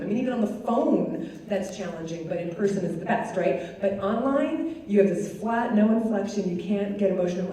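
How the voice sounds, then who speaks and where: A woman's voice: mid-range voice, mellow. A woman giving a chatty, conversational talk to an audience, with many fillers. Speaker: speaker. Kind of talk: live talk with audience questions. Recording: echoey hall, distant mic, faint noise.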